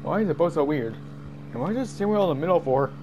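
A man giving jumpy, excited commentary while playing a game, easily startled and laughing at himself. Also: a little high, racing, background noise. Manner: jumpy, screams and laughs at scares, self-mocking. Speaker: gamer.

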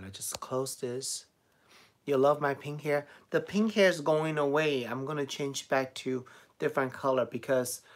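A man with a Chinese accent chats casually through a live stream, answering his viewers one by one. He sounds middle-aged and laughs easily between answers. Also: medium pitch. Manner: chatty, laughs often, reads out viewer comments. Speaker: beauty vlogger answering live chat.

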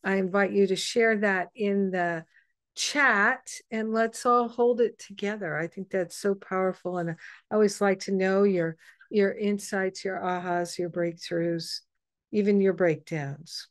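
Slow, gentle woman telling a story. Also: medium pitch, no room sound, clean studio sound. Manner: meandering and gentle, with frequent pauses and restarts. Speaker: host of an online spiritual gathering. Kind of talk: personal storytelling to an online group.

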